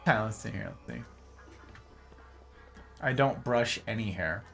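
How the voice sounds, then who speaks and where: A man's voice: fairly low pitch, a little slow, gravelly, a bit bright, faint music behind. A young man streaming a game, chatting casually with playful, theatrical jokes. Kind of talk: casual gameplay commentary.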